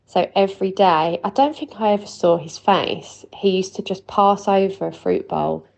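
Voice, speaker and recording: A woman's voice: medium pitch, fairly even intonation, normal speed, gravelly, a little mellow, low-quality recording. A woman leaving a chatty, nostalgic voice message for a podcast, swearing freely. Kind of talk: casual voice note.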